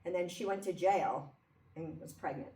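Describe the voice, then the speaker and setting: Speaking at mid pitch and normal speed with a dark tone, a woman gives a conversational classroom lecture, checking in with "okay?" and "right?". The distant mic and echoey lecture room make her sound far off, with a faint hum underneath.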